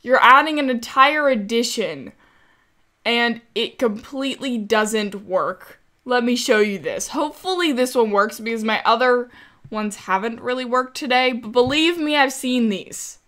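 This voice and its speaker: Bright-voiced young woman narrating gameplay. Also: fairly high pitch, a little slow. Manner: exasperated, chatty, talks to game characters. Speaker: gaming creator. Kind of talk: casual gameplay commentary.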